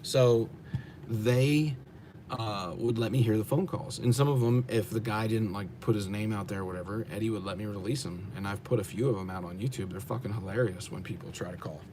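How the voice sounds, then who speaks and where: A man's voice: on the low side, steady tone, brisk, noisy background. An American man, a truck driver streaming live, ranting bluntly and with profanity as he answers his chat, repeating his questions for emphasis. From United States. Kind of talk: livestream rant answering chat.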